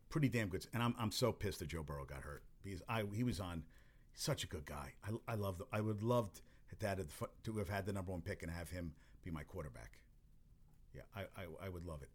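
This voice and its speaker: A man with a somewhat low voice talks through college and pro football in a loose, off-the-cuff way. He curses freely, restarts his sentences and breaks off to exclaim. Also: slightly rough. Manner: rambling, profane, with frequent restarts and exclamations. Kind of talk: casual sports talk.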